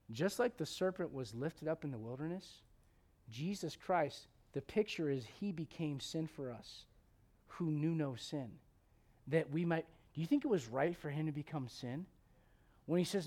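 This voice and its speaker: A man preaches a sermon as pastor in a conversational style with jokes, swinging between loud, emphatic peaks and hushed, low passages.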